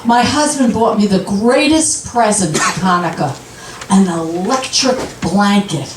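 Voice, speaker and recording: Older woman, stand-up comic, slow deadpan delivery, lively up-and-down pitch, echoey club, mic set back. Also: distant mic, noisy background. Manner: deadpan, unhurried punchline delivery. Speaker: stand-up comedian. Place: comedy club stage.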